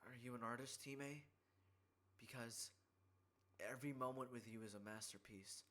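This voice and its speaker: A man streaming, chatting casually in a teasing, boisterous way and prone to shouting. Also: mid-range voice, fairly even intonation, normal speed. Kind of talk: casual chat.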